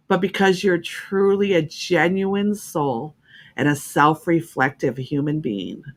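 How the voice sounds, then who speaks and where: A woman hosting an internet radio talk show, speaking in a heartfelt, emphatic way and often repeating herself. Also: fairly low pitch.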